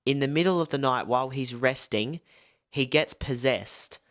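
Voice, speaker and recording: A man's voice: medium pitch, normal speed, a bit bright. A young man casually recapping a film as a reviewer, rambling with lots of filler words. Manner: loose, rambling, full of "like" and "um". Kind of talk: casual spoken film breakdown.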